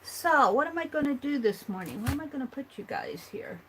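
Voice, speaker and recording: A woman with a high, expressive voice talks a little fast while crafting on a casual morning art livestream, addressing both herself and her viewers. There's slight background noise.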